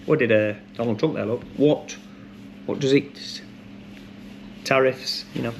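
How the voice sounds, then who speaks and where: A man's voice: medium pitch, creaky, a little hiss or hum. Chatty, rambling quiz-host man. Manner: chatty and rambling, with many ums and restarts; slowly repeats each question. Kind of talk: casual pub quiz hosting.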